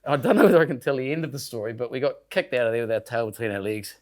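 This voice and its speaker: A man with a New Zealand accent and a mid-range, expressive voice races through a rambling anecdote on a casual podcast. A regular on the show, he laughs as he tells the story and swears casually along the way.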